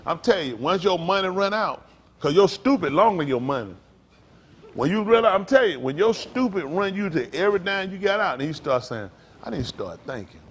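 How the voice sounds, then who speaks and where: A middle-aged male pastor preaching to a congregation, rambling through folksy stories and jumping to loud emphasis. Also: high-pitched, lively intonation, a little fast, slight background noise.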